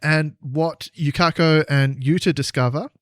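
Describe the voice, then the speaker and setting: A man co-hosting a comedy podcast, retelling a story with teasing, quick banter. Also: a little high, steady tone, no echo, clean studio sound. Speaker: podcast co-host.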